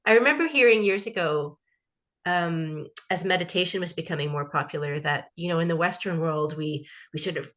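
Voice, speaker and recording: A woman's voice: lowish voice, lively intonation, moderate pace, lo-fi sound. A woman co-hosting a casual call, affirming and reflective as she responds. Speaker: co-host.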